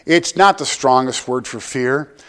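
A man's voice: mid-range voice, measured pace, fairly bright tone, clean tone. An older man preaching a sermon to his church, conversational and joking, often asking the congregation direct questions. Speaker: pastor.

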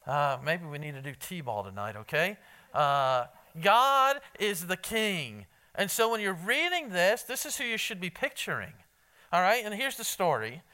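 A man's voice: high-pitched, very animated, moderate pace, pushed and bright, clean tone. A man preaching an evening sermon in a conversational, emphatic way, quizzing his congregation. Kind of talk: evening sermon with Bible reading.

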